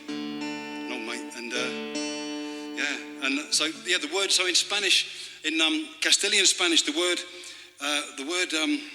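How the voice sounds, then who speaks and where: A man talking between songs at a live club gig, rambling and wry, halting with fillers and political jokes. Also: on the high side. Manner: halting, with many fillers and restarts. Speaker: folk singer and storyteller. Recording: hall reverb with guitar playing.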